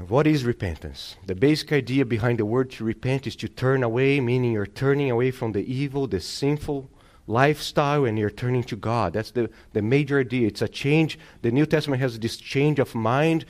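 A male pastor preaches at a middle pitch, driving his points home with emphasis. He repeats key phrases and pauses to ask the congregation for an amen. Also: darkish tone. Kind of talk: sermon.

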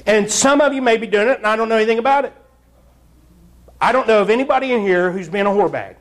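A man's voice: sits high, quick pace. A man preaching a fiery, blunt sermon in church, scolding the congregation. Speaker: pastor.

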